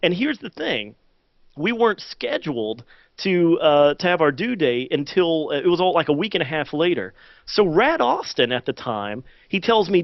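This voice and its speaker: A man co-hosting a podcast, telling a long story in casual chat, animated with many fillers and loud acted-out quotes. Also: sits high, normal speed, no echo, muffled recording. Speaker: podcast co-host.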